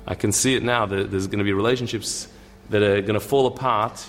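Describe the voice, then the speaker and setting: A man's voice: lowish voice, fairly quick, a little hiss or hum. A man giving a conversational lecture, thinking aloud with repeated words and restarts and tossing in wry asides.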